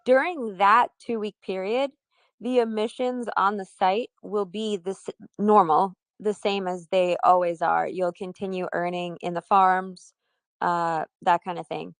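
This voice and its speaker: A woman co-hosting a casual online Q&A, reading out community questions and clarifying details in a clear, explanatory way. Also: mid-range voice, steady tone, unhurried, no echo. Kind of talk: casual livestream Q&A.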